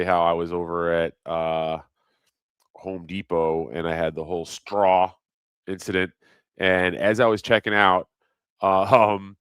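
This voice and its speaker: A man's voice: low-pitched, a bit bright, clean tone, no room sound. A middle-aged man rambling crudely in a casual livestream chat, reading comments aloud and laughing at himself.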